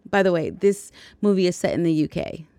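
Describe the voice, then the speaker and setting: A woman's voice: lowish voice, expressive, normal speed, background noise. A woman hosting a podcast, casually retelling a movie's plot with chatty, jokey asides. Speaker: podcast host.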